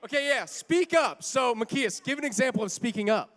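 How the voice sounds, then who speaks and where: A man runs a party game for a church youth group, teasing and playful, sometimes shouting over the noise of the room. His voice is very high and expressive, and he talks fairly fast.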